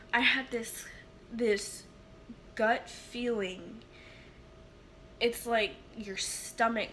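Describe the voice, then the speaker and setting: Slow-talking, bright-voiced young woman vlogger. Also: medium pitch, slight background noise. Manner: emotional, halting retelling with fillers and restarts. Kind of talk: personal storytime vlog.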